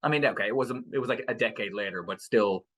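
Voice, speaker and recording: A man's voice: on the low side, quick pace, a bit bright. A man co-hosting a book podcast in casual chat, chuckling often and stopping to restart his sentences. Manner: chuckling, many fillers and restarts. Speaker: podcast co-host.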